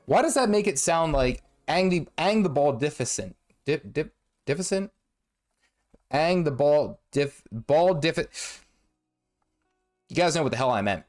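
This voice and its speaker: A man's voice: a little high, sing-song, fairly quick, faint music behind. Joking, rambling male game streamer. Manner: rambling, jokey, self-mocking. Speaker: gaming livestream host. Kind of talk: casual gameplay commentary.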